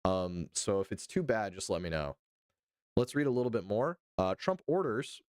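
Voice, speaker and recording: A man's voice: lowish voice, very animated, moderate pace, clean tone, no room sound, studio quality. A man hosting a livestream, reading news aloud and commenting in a sarcastic, profane way with bursts of mock outrage. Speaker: livestream host.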